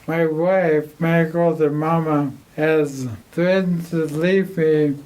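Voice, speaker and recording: A man co-hosting a casual podcast, making dry, unhurried remarks. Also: a little high, fairly even intonation, a little mellow, poor audio. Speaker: podcast co-host.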